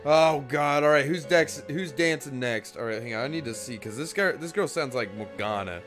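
A man's voice: medium pitch, moderate pace. A young man from Texas streaming a game, joking and reacting aloud. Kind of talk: casual gameplay commentary. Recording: game music behind.

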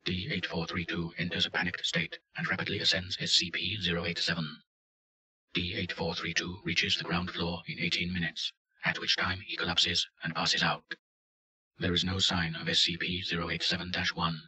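Very deep flat-voiced male narrator. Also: moderate pace, low-quality recording. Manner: deadpan, report-like. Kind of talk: scripted narration.

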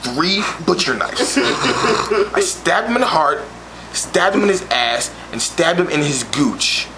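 A man's voice: high-pitched, animated, slow, pushed and bright. A man delivering a crude comedic monologue in boastful, swaggering street talk, over a noisy amateur recording. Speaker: comedic storyteller.

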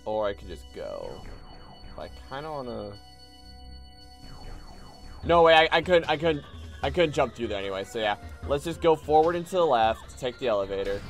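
Man, game streamer, casual play commentary, swears at enemies, animated. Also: medium pitch, moderate pace, pauses often, music in the background. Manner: excitable, swears at enemies, self-mocking.

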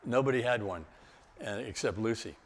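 A man's voice: lowish voice, moderate pace, slight background noise. An older man, a guest speaker, telling travel stories in a loose, rambling way with chuckles and restarts. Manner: rambling, with laughs and many restarts. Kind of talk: storytelling talk.

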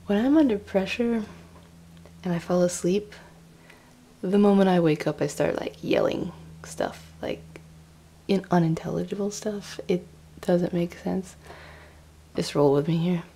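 A young woman vlogging, telling a rambling travel story in a chatty way, laughing often and filling pauses with "like" and "um". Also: fairly low pitch, mellow, a little hiss or hum. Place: indoors in Austria.

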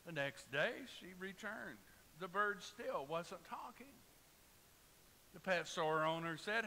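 A man's voice: high-pitched, expressive, slow, sharp tone. A man preaching a sermon as pastor, telling humorous stories and joking with his congregation. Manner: storytelling with jokes and asides to the congregation. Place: church sanctuary. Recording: reverberant church hall with faint hiss.

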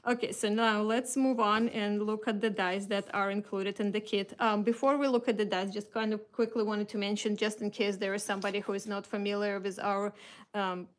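A woman's voice: medium pitch, level tone, brisk. A woman with a Russian accent, hosting a casual craft product showcase and chatting with many fillers and restarts. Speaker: craft company host.

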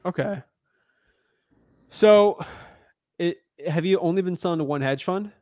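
A man hosting a live stream in a blunt, emphatic, slangy manner. His voice sits a bit high for a man. The sound is close and completely dry. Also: a little slow, a little mellow, dry recording. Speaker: host.

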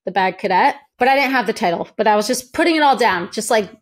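A young woman from the United States, a guest telling her own story in a chatty, lively way and acting out quoted voices. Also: a little high, fast. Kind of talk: casual interview storytelling.

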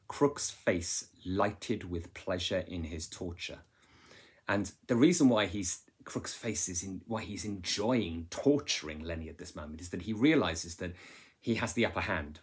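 Husky low-voiced man teaching a lesson. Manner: conversational, asks rhetorical tag questions; restarts and fillers while explaining. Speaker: English literature teacher. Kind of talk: recorded lesson on a novel.

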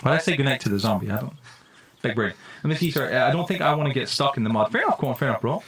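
A man doing casual live-stream commentary while playing a game, jokey and excitable, swearing when startled. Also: medium pitch, rapid-fire, slightly rough.

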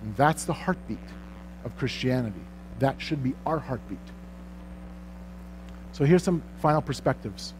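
A man's voice: mid-range voice, expressive, unhurried, long pauses, slight background noise. A man speaking earnestly at a Christian conference, pressing the audience with rhetorical questions and closing in prayer.

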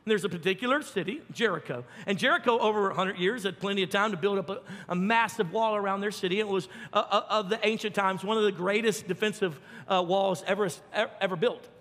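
A male pastor preaching a sermon with animated, folksy storytelling and fervent emphasis. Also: high voice, fast talker, hardly any pauses, long reverb tail.

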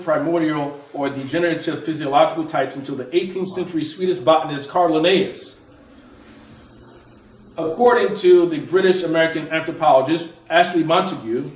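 A man reading aloud from his own book, measured, pausing to restart phrases and add asides. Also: fairly high pitch, reverberant, recorded from a distance, poor audio.

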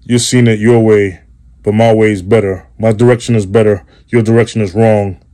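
Warm-voiced man in a profane comic rant. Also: lowish voice, fairly even intonation, moderate pace. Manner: profane, rambling, repetitive. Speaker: host. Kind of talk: comedic monologue.

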